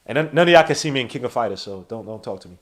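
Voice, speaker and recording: Excitable man calling a live game. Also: mid-range voice. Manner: rapid play-by-play that jumps into loud excited teasing. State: hiccuping. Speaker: podcast host doing live play-by-play. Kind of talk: live game watch-along commentary.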